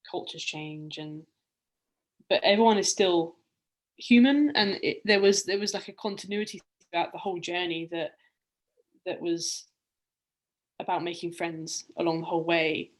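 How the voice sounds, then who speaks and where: A young woman, a guest on a podcast, chatting in a reflective, storytelling way with plenty of ums and restarts. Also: fairly low pitch. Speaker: guest, round-the-world cyclist. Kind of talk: casual podcast conversation.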